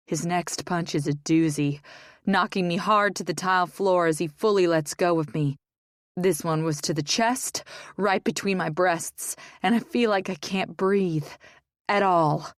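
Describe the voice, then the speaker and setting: Woman narrator, first-person audiobook, tense emotional reading, lowish voice, dry close sound. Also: a little slow, no echo.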